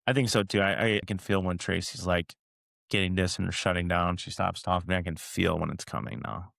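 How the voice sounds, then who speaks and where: A man's voice: low voice, moderate pace, creaky, a bit bright, no room sound. A man hosting a podcast, chatting casually about his marriage and retelling his own lines in quotes. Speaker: podcast host. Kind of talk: casual chat.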